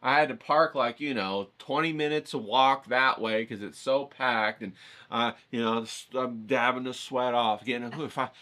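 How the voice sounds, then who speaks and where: A man telling a casual, rambling story, animated and acting out the voices of the people in it. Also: mid-range voice, normal speed. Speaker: painting vlogger.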